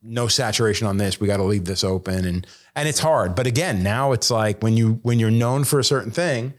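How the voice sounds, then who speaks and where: Brief: lower-voiced male guest, profane, lively storyteller, casual podcast chat. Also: fairly quick. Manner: swears a lot, animated when retelling others. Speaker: guest tattoo artist.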